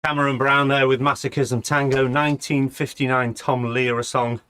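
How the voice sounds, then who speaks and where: A man's voice: mid-range voice, level tone, moderate pace, a bit bright, clear, resonant tone. Jokey male host of a live show. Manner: jokey, teasing, chatty. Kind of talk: casual live-show hosting.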